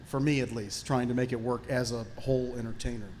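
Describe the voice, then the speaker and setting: Man telling animated panel anecdotes. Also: medium pitch, quick pace, a little hiss or hum. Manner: animated anecdotes with frequent fillers. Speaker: panelist, actor and comedian. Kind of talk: casual panel storytelling. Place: film festival panel.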